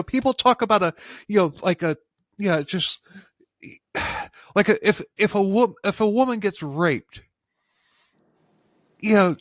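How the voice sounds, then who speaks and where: High-voiced man hosting a podcast, impassioned. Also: a bit bright, dry recording. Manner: impassioned, many restarts. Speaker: podcast host. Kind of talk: casual interview chat.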